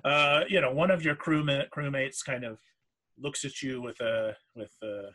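A man narrating as game master of a tabletop game, halting with many fillers and restarts. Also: medium pitch, fairly even intonation, sharp tone.

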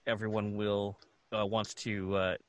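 A man's voice: on the low side, flat delivery, unhurried, no echo. A man playing a tabletop game, talking hesitantly and restarting his sentences. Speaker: player. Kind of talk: casual tabletop game talk.

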